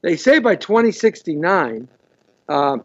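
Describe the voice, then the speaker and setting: Guy hosting a live stream, kinda high voice, rambly and repeats himself, dull lo-fi audio. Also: sing-song, a little slow. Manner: chatty, repeats words, greets viewers. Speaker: host. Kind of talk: casual live-stream chat.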